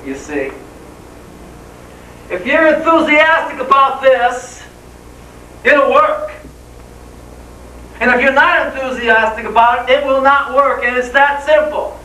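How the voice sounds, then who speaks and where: High, bright-voiced man speaking from far off in an echoey hall. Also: expressive, slow, pauses often. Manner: enthusiastic, rhetorical questions to the crowd. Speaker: motivational speaker. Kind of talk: live seminar speech.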